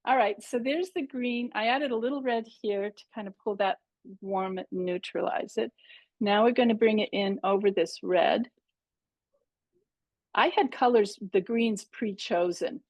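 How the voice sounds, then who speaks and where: A woman's voice: medium pitch, unhurried, dry recording. A middle-aged woman teaching a painting workshop over a video call, chatting and thinking aloud as she works. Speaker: pastel art instructor. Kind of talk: live online painting demonstration.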